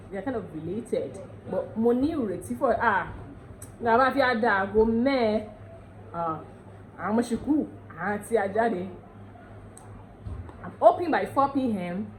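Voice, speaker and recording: Nigerian woman, casual dialect teacher, a bit high, chatty, drills words slowly, faint noise behind. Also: darkish tone, rough recording. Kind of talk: casual language lesson.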